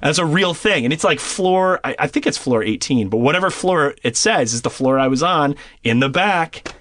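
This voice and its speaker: A man in his thirties, a podcast guest, telling a story in casual chat, animated and swearing freely. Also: on the high side, normal speed.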